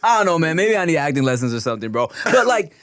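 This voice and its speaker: A man chatting casually as a podcast guest, relaxed and slangy. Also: fairly high pitch, quick pace. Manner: relaxed, slangy, many fillers. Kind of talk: casual chat.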